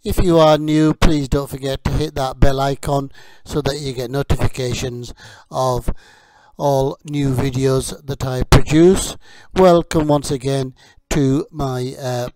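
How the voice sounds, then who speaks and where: A man teaching English vocabulary, who says each word slowly and clearly, then pauses so the learner can repeat it. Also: medium pitch, a little mellow, no echo. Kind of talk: slow, deliberate vocabulary drill.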